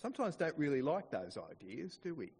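An Australian man preaching a sermon in church, slowing down to dwell on quoted scripture. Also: on the high side, husky, long reverb tail. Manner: expressive preaching, slows down to stress quoted scripture. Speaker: pastor.

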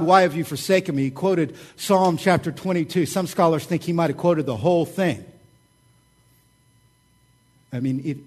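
A middle-aged man preaching a sermon, telling stories in a casual, joking and animated way. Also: a little high. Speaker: pastor.

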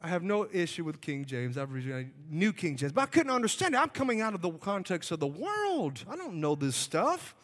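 A man with a very high, bright, lively voice preaches his testimony, swinging from hushed asides to shouted peaks. The sound rings with a long hall reverb. He jokes and storytells as he goes. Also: normal speed, hardly any pauses. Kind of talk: sermon testimony.

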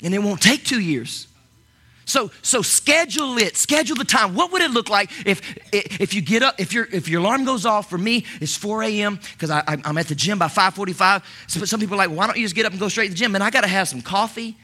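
A man preaching a lively sermon as pastor, talking in bursts with many repeated words and restarts. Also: sits high, a little fast, husky.

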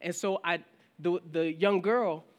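A man with a high voice preaches to his congregation in a relaxed, conversational tone. He often stops and restarts his sentences. He also acts out the questions his listeners might ask him. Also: measured pace. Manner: frequent restarts and filler phrases. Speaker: pastor. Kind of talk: sermon.

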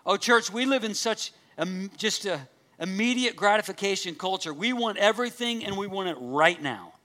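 A man's voice: high voice, animated, normal speed, pushed and bright. A man preaching a sermon to his church, earnest and emphatic, repeating key phrases and asking the congregation direct questions. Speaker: pastor.

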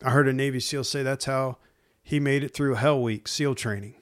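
A man preaching in a casual, conversational sermon, speaking plainly to listeners and slipping into slang and hushed acted-out asides. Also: mid-range voice, steady tone, normal speed. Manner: acts out inner voices in hushed asides. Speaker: pastor.

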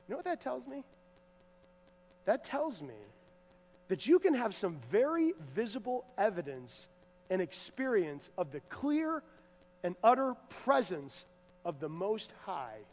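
A man with a notably high voice preaches a sermon, swinging between loud emphatic stretches and quiet, almost hushed asides. His voice carries a long reverb, as if filling a big sanctuary. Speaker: pastor.

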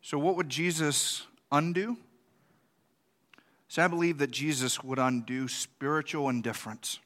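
Man, pastor, conversational sermon, somewhat high voice, bright tone, acts out quoted reactions. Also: steady tone, unhurried.

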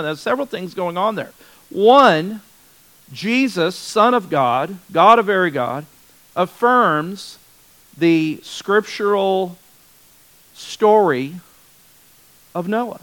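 A man's voice: high voice, expressive, slow, a bit bright, rough recording. Man teaching a Bible study. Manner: conversational, repeats words for emphasis, frequent restarts.

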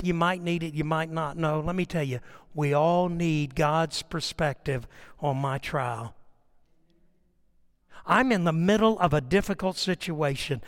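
An older male pastor delivers a sermon, weaving personal family stories into scripture. His voice sits fairly high for a man and swells with passion as he drives home each point. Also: a bit bright. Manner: impassioned, storytelling preacher with swelling emphasis.

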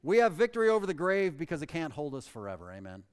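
A pastor preaching a sermon, emphatic and swinging between loud and soft, reading scripture aloud in old-fashioned wording. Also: male voice, a little high, wildly swooping pitch, quick pace, clear, resonant tone. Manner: reads scripture aloud in King James wording. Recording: long reverb of a large hall.

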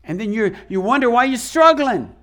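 A man preaching a sermon as pastor, animated and acting out the voices he quotes. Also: extremely high pitch, moderate pace.

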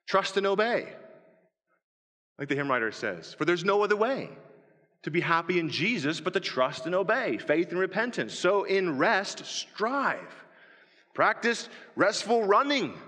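A man preaching a sermon, his voice bright, forceful and a little higher than most men's. He puts question after question to his congregation. The sound hangs in the long reverb of a church hall. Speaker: pastor. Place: church sanctuary.

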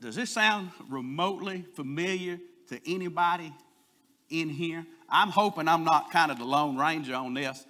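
Folksy preacher man, bright forceful voice. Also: fairly high pitch, moderate pace. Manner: folksy storytelling, swells louder on key points. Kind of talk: sermon.

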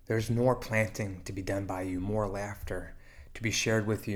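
A male pastor giving a slow, heartfelt memorial eulogy, grieving and tender, with long pauses between phrases. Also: fairly low pitch, steady tone.

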